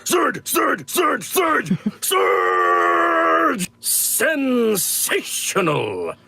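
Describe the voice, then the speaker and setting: A shouting, hyped-up robot. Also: male voice, high-pitched, huge pitch swings, drawn-out words, creaky, slightly rough, dry recording, full character voice. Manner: shouted, punchy battle cries. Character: hyped-up male robot, loud and boastful. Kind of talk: game character voice lines.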